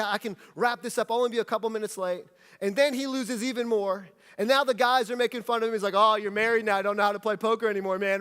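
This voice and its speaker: A male pastor delivers a sermon with a fairly high voice, slipping into playful acted-out dialogue as he tells a story. His words ring out with a long reverb tail from a large church hall. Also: a bit bright.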